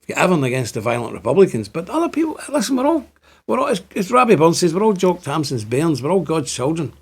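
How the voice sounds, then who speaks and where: Impassioned Northern Irish man, higher voice. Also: very animated, fast, husky. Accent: Ulster Scots-tinged Northern Irish. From Northern Ireland. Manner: impassioned, repetitive, rising to exclaim. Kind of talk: monologue to camera.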